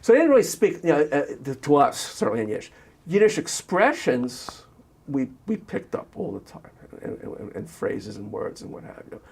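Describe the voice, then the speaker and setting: Older man, gravelly, husky, oral history interview, reflective storytelling, voice fading softly at phrase ends. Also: fairly high pitch, huge pitch swings, normal speed. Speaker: interviewee, former history teacher.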